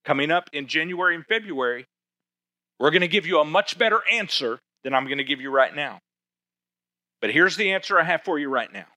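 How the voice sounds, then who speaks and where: A man preaching a sermon as pastor, slowing down to stress key words. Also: on the high side, lively intonation, pushed and bright, no echo. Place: church sanctuary.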